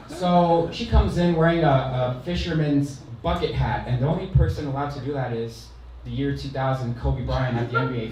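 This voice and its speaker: On a comedy club stage, a man from California's San Fernando Valley performs stand-up, firing off brash, profane, self-deprecating punchlines. His voice is medium-pitched, the background is noisy, and the audio has a roomy, distant live-club quality.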